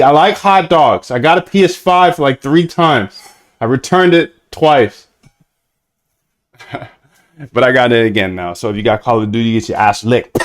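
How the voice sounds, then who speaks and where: A young man hosting a live coding stream, talking in a relaxed, slangy way to his chat. His voice sits in a middle pitch and drifts between a flat monotone and sudden animated bursts. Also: unhurried, pauses often. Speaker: trading bot streamer.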